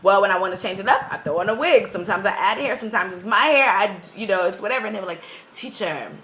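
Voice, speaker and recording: A young woman teaching English abroad, chatting to her camera in a rambling, animated way. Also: mid-range voice, very fast. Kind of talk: casual talking-head vlog. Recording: echoey room.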